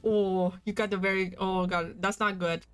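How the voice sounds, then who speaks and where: A woman's voice: medium pitch, fairly even intonation, normal speed, smooth, faint music behind. A young woman live-streaming herself reading a visual novel aloud, breaking into giggly, slangy asides between stretches of dramatic narration.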